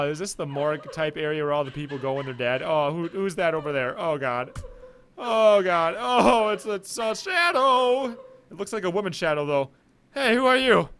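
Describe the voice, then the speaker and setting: A young man, reading game text and commenting, excitable and jokey. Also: a little high. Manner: excitable, jokey, thinking aloud. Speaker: gameplay commentator.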